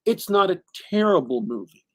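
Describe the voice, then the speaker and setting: A man with a high, sing-song voice and a moderate pace co-hosts a podcast, chatting casually about a movie he's reviewing. His talk rambles with many restarts and fillers, and his opinions come out emphatically.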